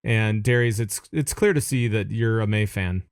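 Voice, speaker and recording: A man's voice: lowish voice, normal speed, clean tone, dry recording. Man, co-host, casual gaming chat, eager, dry room. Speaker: podcast co-host.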